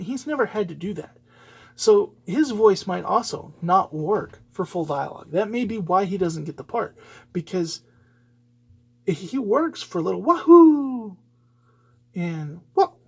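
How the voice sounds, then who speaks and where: A man's voice: high voice, vocal fry, a little mellow, slightly rough. A man hosting a solo podcast, giving rambling, opinionated commentary full of fillers and restarts. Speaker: podcast host.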